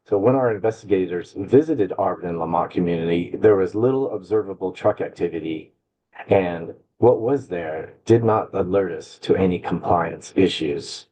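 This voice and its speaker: Man, deep husky voice, halting slide presentation, video call mic. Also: mellow, lo-fi sound. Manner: halting, with restarts and fillers. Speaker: agency staff presenter. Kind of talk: slide presentation at a public meeting. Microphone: computer mic on a video call.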